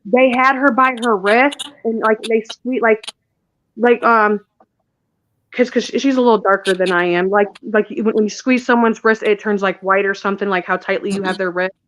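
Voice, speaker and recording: A woman being interviewed about her missing daughter, speaking haltingly and often restarting her words. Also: mid-range voice, steady tone, a bit bright, dry recording, dull audio. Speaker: guest, mother of a missing child. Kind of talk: emotional interview recounting events.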